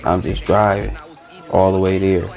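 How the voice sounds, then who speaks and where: Telling a story in casual slang, a man from East Oakland, California, acts out the dialogue as an interview guest in a loose way. His low, gravelly, darkish voice shows little pitch movement and keeps a moderate pace, with soft music in the background.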